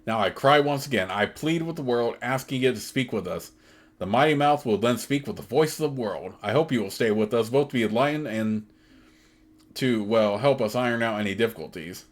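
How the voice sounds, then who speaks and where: A man's voice: mid-range voice, expressive, a little fast, lightly acted. Man reading as an overeager pilgrim leader. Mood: earnest. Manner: earnest, pleading. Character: zealous male pilgrim leader, endlessly optimistic. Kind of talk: reading a video game's dialogue aloud.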